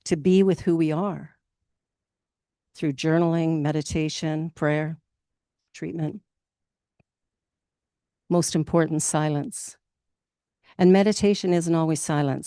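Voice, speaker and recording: A Canadian woman minister giving a casual, candid spoken sermon, chatty and quick to laugh. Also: sits low, mellow, no echo, studio quality. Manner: chatty and candid, laughs often, acts out quotes. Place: spiritual centre in Toronto.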